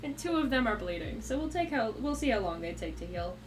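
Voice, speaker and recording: A woman's voice: fairly high pitch, very animated, brisk. A young woman streamer in casual live chat who swears a lot, laughs often and scolds her cat between remarks. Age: young adult.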